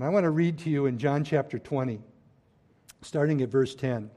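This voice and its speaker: A man preaching a sermon as a pastor, swinging between loud stressed phrases and hushed, quiet drops. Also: mid-range voice, moderate pace.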